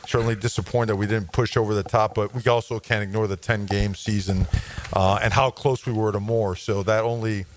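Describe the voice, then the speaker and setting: A man's voice: on the low side, steady tone, brisk. A man who coaches college football, speaking as a guest on a sports radio show in an intense, emphatic way. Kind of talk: radio interview.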